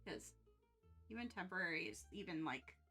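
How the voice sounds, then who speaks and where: A woman art streamer chatting casually with viewers on a livestream, excitable and rambling, often restarting her sentences. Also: fairly low pitch, moderate pace, soft background music.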